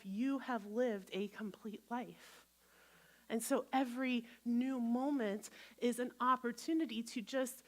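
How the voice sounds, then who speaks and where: Woman minister, high voice, lively sermon, plays out inner voices. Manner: warm, animated, acts out inner voices. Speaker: guest minister. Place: church sanctuary.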